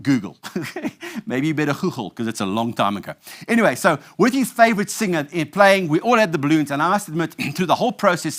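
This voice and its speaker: A man from South Africa hosts a live awards night, telling stories in a playful, easy manner. His voice sits in a middle register. He works a live room, mixing anecdotes with announcements. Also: medium pitch. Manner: storytelling, playful, shifts to loud hype when announcing. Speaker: awards host. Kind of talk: live stage hosting with anecdotes. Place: live event venue.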